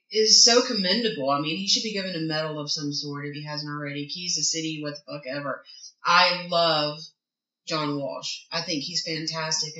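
A woman's voice: deep voice, sharp tone, reverberant, lo-fi sound. Blunt sick-voiced woman podcaster. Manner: blunt, swears freely, emphatic opinions. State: losing her voice from being sick. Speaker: podcast co-host. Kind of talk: casual true crime podcast chat.

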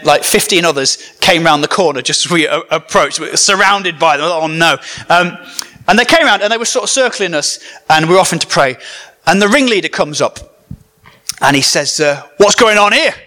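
A man's voice: fairly high pitch, sharp tone. A man from the north of England preaching a sermon in a conversational, joking way, with asides to the congregation. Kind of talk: sermon with comic storytelling.

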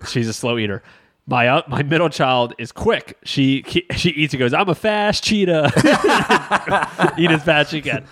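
A man's voice: a little high, lively intonation, unhurried, fairly bright tone, no room sound, studio quality. A man, a father and co-host, candidly telling a story about his kids in casual chat, laughing at himself.

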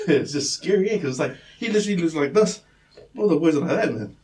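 A man, co-hosting a casual podcast chat and telling animated, swear-filled stories, acting out what people said. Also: on the high side, a little fast. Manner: animated storyteller, swears freely, acts out quotes. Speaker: podcast co-host. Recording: distant mic, faint room ambience.

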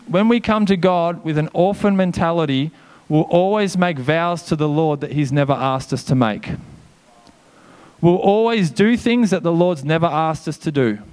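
A male pastor preaching energetically, in a casual, conversational way full of quick asides. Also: high voice, darkish tone, clean tone. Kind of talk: sermon.

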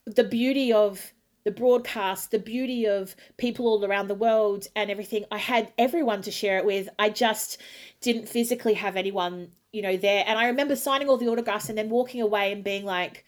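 A middle-aged Australian opera singer chats casually in an interview, telling a lively story and acting out her own quotes. Her voice is mid-range and a little fast.

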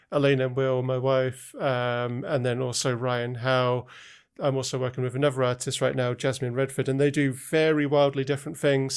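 Smooth-voiced man, upbeat and keen. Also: medium pitch. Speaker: comic book writer, guest. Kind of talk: casual book discussion.

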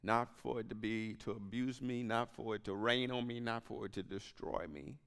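A man's voice: medium pitch, normal speed, fairly bright tone, smooth. A man preaching a sermon as pastor, telling a personal story and dropping to whispered asides. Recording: long hall reverb.

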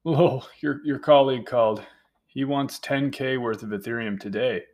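A man's voice: medium pitch, normal speed, a little mellow, pitched above the performer's own voice, lightly acted. A man doing a wry, skeptical roommate.

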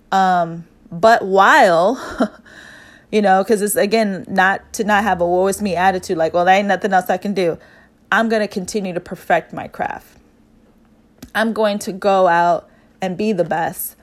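A woman speaking in a reflective personal monologue. She talks earnestly, repeats phrases for emphasis and often pauses on fillers. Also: fairly low pitch.

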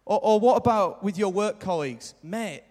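A high-voiced man delivers an earnest sermon live in a church. His words ring out with a long hall reverb behind them. He stresses his points by repeating them and slips into short quoted remarks. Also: a little fast, darkish tone. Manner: earnest, repetitive emphasis, acts out quoted lines. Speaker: preacher.

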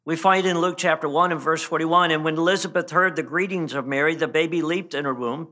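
A man preaching a sermon in an earnest way, often restarting and repeating words, and dropping low and quiet for emphasis. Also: steady tone, a little fast. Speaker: pastor.

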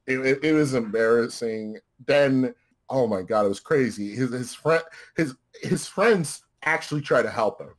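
A man's voice: medium pitch, moderate pace. A man in casual chat, animatedly retelling a film with plenty of profanity. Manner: animated, profane storytelling with frequent restarts.

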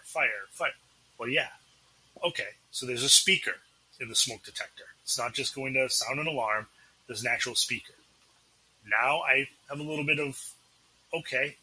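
A man's voice: mid-range voice, pushed and bright, husky, rough recording. A man with a Massachusetts accent, a paranormal investigator, telling a story and acting out the dialogue as a podcast guest.

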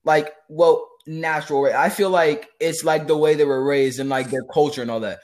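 A man's voice: a little high, fairly even intonation, normal speed. A man in a casual chat while playing a game, joking, teasing and swearing a lot. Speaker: co-host.

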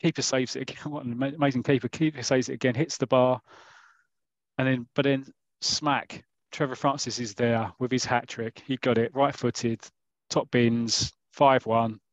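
A man's voice: medium pitch, fairly even intonation, moderate pace, no echo. South East London man spinning mock commentary. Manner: rambling, with self-interrupting restarts and asides. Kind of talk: comic storytelling in mock football commentary. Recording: dull lo-fi recording.

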